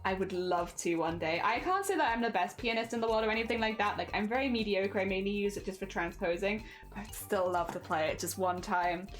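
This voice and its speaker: A woman's voice: medium pitch, a little fast, few pauses, faint music behind. A woman livestreamer chatting casually with viewers while crafting, giggly and rambling, laughing often.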